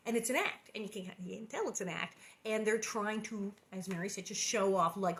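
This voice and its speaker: A woman reading a children's book aloud and breaking off for chatty, joking commentary, laughing often. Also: mid-range voice. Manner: animated, joking, laughs often, quick asides. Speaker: reader and commentator. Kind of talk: casual read-aloud with chatty asides.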